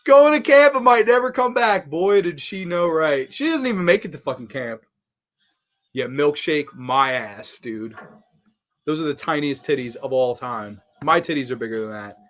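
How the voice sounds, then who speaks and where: A man hosting a casual fan commentary on a movie, excitable and crude, laughing often. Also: medium pitch, normal speed. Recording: slightly dull lo-fi audio.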